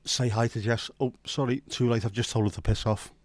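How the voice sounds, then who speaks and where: A man's voice: medium pitch, steady tone, fairly quick, a little hiss or hum. A man hosting a casual livestream chat, chatty and sweary with self-deprecating humour. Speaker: livestream host.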